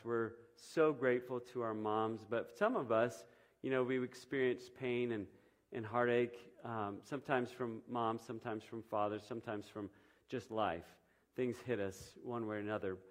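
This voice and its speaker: A male pastor preaches in a church in a loose, conversational way. He pauses often with ums and restarts his sentences as he talks, his voice sitting at a middle pitch. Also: steady tone. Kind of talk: sermon.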